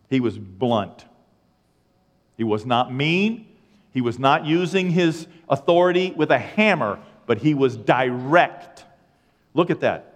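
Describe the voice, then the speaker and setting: A man preaching a sermon as pastor, acting out dialogue with lively asides. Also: medium pitch, normal speed, big-room sound. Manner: animated, acts out dialogue, self-deprecating asides. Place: church sanctuary.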